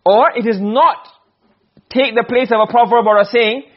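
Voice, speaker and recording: At a moderate pace, a man with a very high, steady voice teaches Arabic rhetoric, reading Arabic phrases and explaining them in English. He often asks the class "okay?" and "you understand?" as he goes. The classroom recording is dull and lo-fi.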